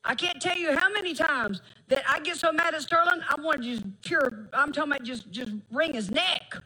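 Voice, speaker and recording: A middle-aged woman preacher, delivering a folksy, emphatic sermon with drawn-out phrases and laughter. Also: high voice, sharp tone, poor audio.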